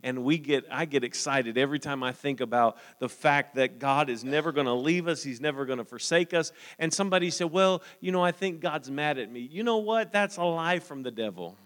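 A man's voice: mid-range voice, fairly quick, hardly any pauses, fairly bright tone. A man preaching a sermon as pastor, reading scripture aloud and then talking earnestly to the congregation, often asking "Amen?". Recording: long hall reverb.

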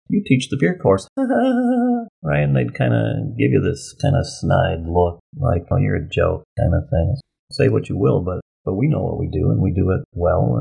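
A male college instructor chatting casually about the course he co-teaches, repeating words and adding quick asides. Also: deep voice, gravelly, warm tone, breathy edge. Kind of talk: casual conversation.

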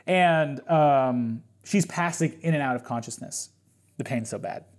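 A man's voice: mid-range voice, a little slow. A man talking as a podcast guest, telling a long story in a casual, rambling way, full of fillers and restarts.

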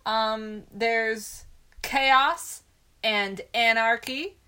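A woman's voice: fairly high pitch, drawn-out words, sharp tone, clean tone. A woman co-hosting a laid-back movie podcast. She tells stories in a playful, rambling way and drifts from point to point. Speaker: podcast co-host. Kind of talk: casual movie podcast chat.

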